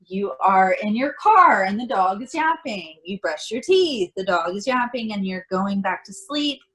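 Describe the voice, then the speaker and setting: A woman reading a picture book aloud to children, chatty and animated, often laughing. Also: mid-range voice, measured pace, low-quality recording. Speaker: storybook reader.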